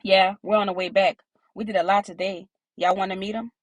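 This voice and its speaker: A woman's voice: mid-range voice, level tone, brisk, dry recording, close to an everyday voice. A woman voicing a hot-headed young man with cocky, taunting street talk. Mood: casual.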